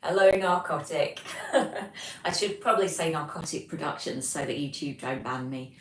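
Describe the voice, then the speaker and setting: Low-voiced British woman chatting to her livestream. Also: moderate pace. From Britain. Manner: chatty, reads chat messages aloud, frequent ums. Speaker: livestream host. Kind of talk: casual livestream chat. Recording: roomy echo, distant mic.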